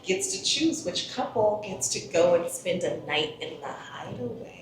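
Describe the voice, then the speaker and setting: A woman co-hosting a recap podcast, opinionated and animated, jumping into high exaggerated voices as she reacts. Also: moderate pace, recorded from a distance. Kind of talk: casual chat recapping a reality show. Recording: echoey room, a bit off-mic, faint background noise.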